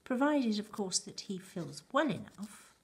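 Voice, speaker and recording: A woman reading aloud and voicing a gentle, thoughtful father who speaks quietly, in a breathy voice. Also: mid-range voice, sing-song, a little slow, voice pushed up, full character voice.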